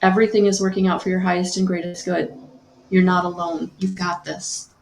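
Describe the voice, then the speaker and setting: A woman giving a slow, soothing spiritual guidance talk on a live stream, repeating her phrases and greeting viewers by name. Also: fairly low pitch, flat delivery, vocal fry, echoey room.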